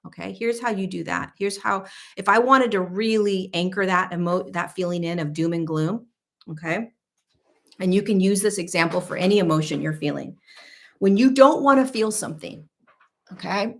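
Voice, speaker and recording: A spiritual teacher in her thirties talks casually to camera in a mid-range voice at a moderate pace. She's animated, acting out her own inner voice with frank, mild swearing.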